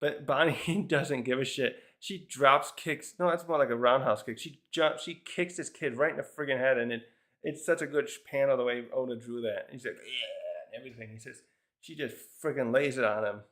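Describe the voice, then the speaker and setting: A man's voice: mid-range voice, moderate pace, a bit bright. A man casually reviewing a comic chapter, rambling through the scenes with lots of fillers and little chuckles. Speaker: manga reviewer.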